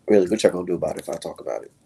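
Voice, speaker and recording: A man hosting a live stream, ranting heatedly with lots of profanity and sudden jumps in pitch. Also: creaky, warm tone, husky.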